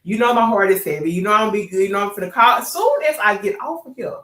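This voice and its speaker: A woman's voice: medium pitch, lively intonation, fast talker, a bit bright, echoey room. A woman hosting a podcast, effusive and emotional, laughing often and using casual slang. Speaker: podcast host. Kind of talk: casual interview chat.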